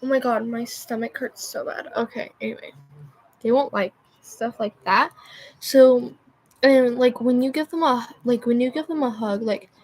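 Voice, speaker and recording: A woman's voice: a little high, moderate pace, darkish tone, soft background music. A young woman chatting on a livestream, rambling and losing her train of thought with constant filler words. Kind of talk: rambling live-stream chat.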